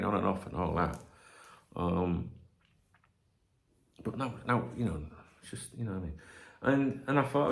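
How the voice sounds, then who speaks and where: A man's voice: medium pitch, gravelly, fairly bright tone. A man in his forties with a Northern English accent, chatting casually on a home livestream as host, rambling, sweary and jokey. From north of England. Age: 40s. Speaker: channel host.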